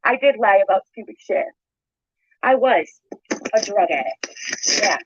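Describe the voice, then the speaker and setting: A woman's voice: mid-range voice, lively intonation, unhurried, husky, no echo. Angry woman ranting on dull audio. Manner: heated, accusatory. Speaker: YouTuber in a played clip. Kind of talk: angry rant.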